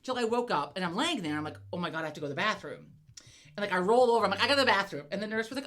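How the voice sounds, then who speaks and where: Brief: animated woman co-host, lively pitch, salty, quick storyteller. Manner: profane, animated storytelling with laughs. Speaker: podcast co-host. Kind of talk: casual chat.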